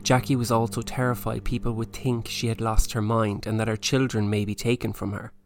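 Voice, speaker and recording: A man's voice: on the low side, little pitch movement, a little fast, faint music behind. A man co-hosting a podcast, narrating a ghost story with playful, jokey asides. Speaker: podcast co-host.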